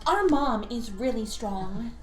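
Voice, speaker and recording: A woman player chatting casually at a game table, retelling a scene in an excitable way. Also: fairly high pitch, slow, faint music behind. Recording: roomy sound.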